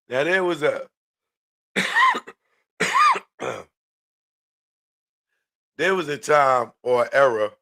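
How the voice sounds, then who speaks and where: A man hosting a casual live-stream, talking in a relaxed, slangy way and hyping up his viewers. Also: on the low side. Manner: laid-back, hypes viewers, drawn-out street slang. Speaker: live show host.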